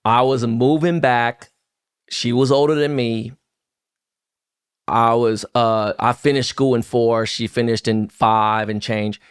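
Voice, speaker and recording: A man's voice: mid-range voice, fairly even intonation, slow pace, clean tone. A man in his fifties telling a story on a podcast in casual, profane slang, acting out quoted lines. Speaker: podcast co-host.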